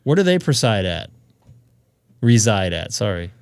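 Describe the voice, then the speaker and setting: A man's voice: lowish voice, sing-song, measured pace, gravelly, no echo. A man hosting a ham radio live stream, chatting in a rambling, jokey way and laughing often. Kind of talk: casual chat on a live stream.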